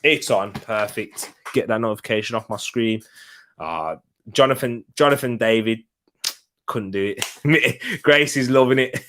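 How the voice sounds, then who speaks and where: Young male streamer, light Brummie accent, mid-pitched, chatty and excitable, reacting live to a football match and viewer chat. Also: a little slow, a little hiss or hum. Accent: Birmingham English. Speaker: football watch-along streamer. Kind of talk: live casual commentary.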